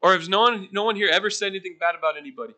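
Bright-voiced pastor, chatty sermon. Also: male voice, high-pitched, very fast. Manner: conversational, asks the room questions, self-deprecating asides. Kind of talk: casual teaching sermon. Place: church.

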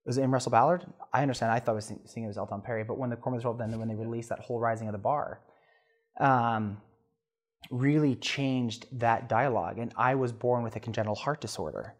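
A man in his thirties, a podcast guest telling a personal story in an earnest, animated way with restarts. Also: mid-range voice, fast talker.

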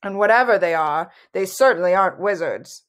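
A woman's voice: lowish voice, expressive, a little fast, close to an everyday voice. Huffy storybook dragon, cross and pompous, read by a woman. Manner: huffy and indignant. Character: cross, pompous olive-green dragon, easily annoyed.

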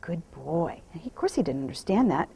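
A woman horse trainer talking out loud while she rides, softly praising the horse and explaining each step. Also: deep voice, sing-song, a little fast, creaky, breathy edge, low-quality recording. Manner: soothing praise to the horse, mixed with quiet running explanation. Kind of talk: narrating while riding.

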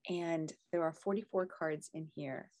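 A middle-aged woman coach and mentor in an earnest, casual video talk, telling a story with soft whispered asides. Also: low-pitched, steady tone, a little slow, noisy background. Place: home room with green screen.

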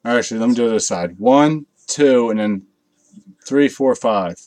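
A man's voice: medium pitch, lively intonation, normal speed, a little mellow. A man hosting a live card break, chatting casually with viewers and swearing freely as he opens packs late at night. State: tired from a long night.

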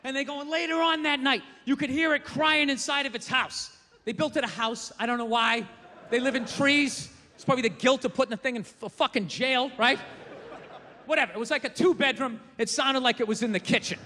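High-pitched, shouty comedian. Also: male voice, brisk, big-room sound. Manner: loud, swearing, builds to shouts. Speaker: stand-up comedian. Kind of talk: stand-up comedy.

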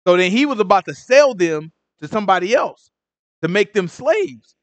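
Male Bible teacher, high voice, dry close sound, slangy and animated retelling. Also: fairly quick, dry recording. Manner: street slang, acts out characters, animated. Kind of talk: casual sermon retelling scripture.

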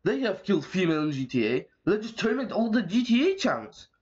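A young man with a high voice rants to camera in a vlog, swearing and exasperated. His voice comes through a dull, lo-fi home mic. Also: very animated, fast. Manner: profane, ranting, exasperated. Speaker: YouTuber. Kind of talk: angry rant vlog.

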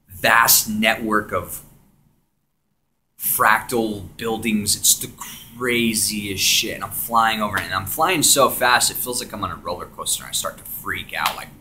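A young man telling a story of his own experience to a camera, switching between hushed whispers and loud, swearing outbursts. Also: on the low side, slight background noise. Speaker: vlogger. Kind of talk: first-person storytelling.

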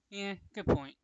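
A woman's voice: medium pitch, a little mellow, lo-fi sound. A woman listening to a friend read and dropping short, dry, teasing comments.

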